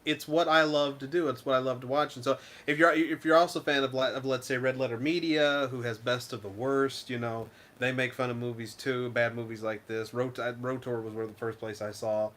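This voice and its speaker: Rambling, animated male co-host. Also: mid-range voice, fairly quick, hardly any pauses. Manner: rambling, animated, many restarts. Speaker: co-host of a game review show. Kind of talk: casual chat.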